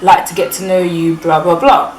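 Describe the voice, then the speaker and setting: Creepy persistent male stranger, low muttering delivery, voiced by a woman narrator, recorded at a distance from the mic. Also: little pitch movement, normal speed, reverberant, slight background noise, lightly acted. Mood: smooth-talking. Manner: low muttering under the breath.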